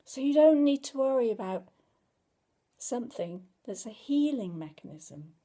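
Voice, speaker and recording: A woman calmly explaining to parents why babies cry, in a gentle, reassuring, conversational way. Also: fairly high pitch, a little slow. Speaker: parenting educator. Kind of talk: informal talk to camera.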